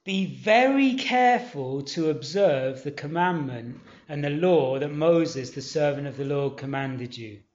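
A man's voice: fairly high pitch, unhurried, hardly any pauses, darkish tone. A man preaching a sermon. He talks in a casual, conversational way, asks the listeners questions, reads scripture aloud and presses his points with urgency. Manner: urgent exhortation. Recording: echoey hall, dull lo-fi sound.

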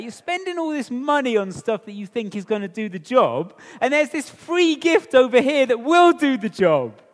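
Taking his time, this preacher talks through his sermon with chatty animation and pelts the audience with rhetorical questions. His pitch is high and ranges widely, and each phrase fades into a long hall reverb.

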